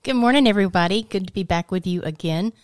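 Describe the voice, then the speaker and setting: A woman's voice: medium pitch, quick pace, a little mellow, no room sound, studio quality. A woman co-hosting a weekend radio show, chatting in a friendly way with a few fillers. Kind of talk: casual radio chat. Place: small home studio.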